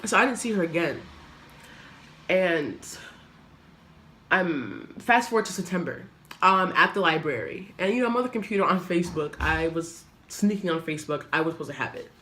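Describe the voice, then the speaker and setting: A young woman vlogger speaking earnestly to her camera, telling a personal story in a halting, reflective way. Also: on the low side, lively intonation, bright, forceful tone, slight background noise. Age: young adult.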